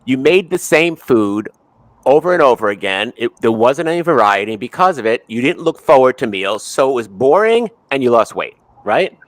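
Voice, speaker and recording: Animated middle-aged man, dry close sound. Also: mid-range voice, moderate pace, no echo. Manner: animated, ends many remarks with "right?". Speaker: co-host guest. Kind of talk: casual conversation.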